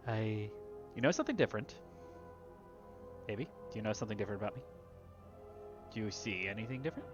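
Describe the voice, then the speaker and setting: A man's voice: fairly low pitch, lively intonation, fairly quick, pauses often. Playful chatty male game streamer. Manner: chatty, playful, chuckling asides to his cat. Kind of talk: casual gameplay commentary. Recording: dull lo-fi with faint music.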